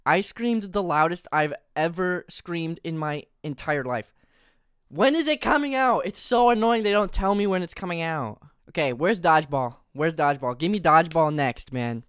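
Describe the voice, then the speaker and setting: A young man reacting live on a stream, excitable and rambling, out of breath with enthusiasm and breaking into loud bursts. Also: a little high, moderate pace, smooth, dry recording, clean studio sound.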